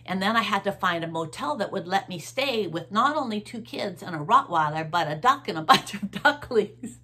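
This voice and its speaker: A middle-aged woman hosting her own show, casually telling a story, animated and acting out sounds and gestures. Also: medium pitch, normal speed, a little hiss or hum. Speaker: host.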